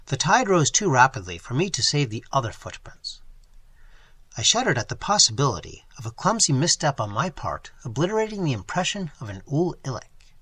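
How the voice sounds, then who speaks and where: A man narrating an old novel in the first person with expressive, scripted reading. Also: medium pitch, normal speed, husky, no room sound. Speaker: audiobook reader.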